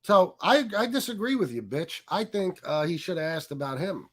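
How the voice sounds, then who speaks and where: A man's voice: fairly high pitch, expressive, moderate pace, a bit bright. A man hosting a live stream, ranting angrily with frequent profanity and mocking asides. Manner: angry, profane and mocking, with many fillers. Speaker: streamer host.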